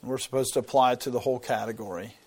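A man's voice: medium pitch, fairly even intonation, racing, slightly rough. A man teaching a Bible sermon, explaining things earnestly and often repeating words as he thinks. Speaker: preacher.

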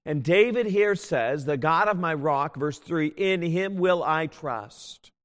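A man preaching a sermon as a pastor, earnest and pleading, swinging from loud appeals to hushed tones. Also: a little high, takes it slowly. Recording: long hall reverb.

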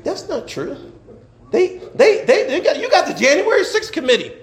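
A man preaching a sermon as pastor, animated, laughing and shouting at times. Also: very high-pitched, moderate pace, reverberant. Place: church.

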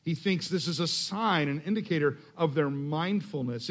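Conversational middle-aged man preaching a sermon. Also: fairly high pitch. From Texas. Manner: conversational, restarts phrases, slows to read scripture. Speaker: pastor.

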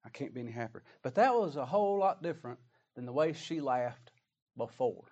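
A man's voice: medium pitch, expressive, brisk, darkish tone, dull audio. A man preaching a sermon, reading scripture aloud and asking emphatic rhetorical questions.

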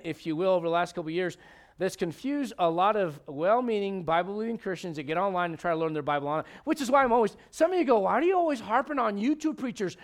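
Male pastor, high-pitched, conversational sermon delivery, quizzes the congregation, punches key lines. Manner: conversational, emphatic, asks the congregation questions. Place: church sanctuary.

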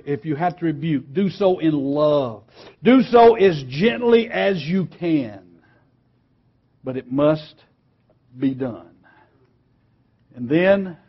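A man teaching a lesson on preaching, emphatic and earnest, slowing down and dropping quiet on key words. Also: a little high, dull audio. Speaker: preaching instructor.

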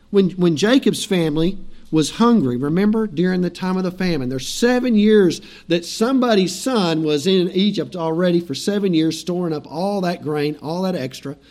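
High-voiced man preaching a conversational sermon. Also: a little mellow. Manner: storytelling, conversational, acts out biblical quotes. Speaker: pastor.

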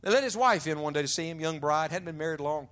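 A man preaching a storytelling sermon in a conference service. His voice sits a little high, and he often drops to a hushed, low tone for emphasis. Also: expressive, quick pace. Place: large church auditorium.

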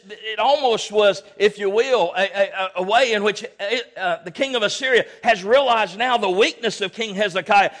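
Emphatic preacher man. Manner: emphatic, swings from loud exhortation to low asides, calls for amens. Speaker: pastor. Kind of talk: sermon.

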